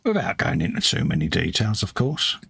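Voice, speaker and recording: A man's voice: deep voice, big pitch swings, brisk, gravelly, fairly bright tone, slight background noise. An English man co-hosting a casual chat while building models, full of teasing, observational banter. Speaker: co-host.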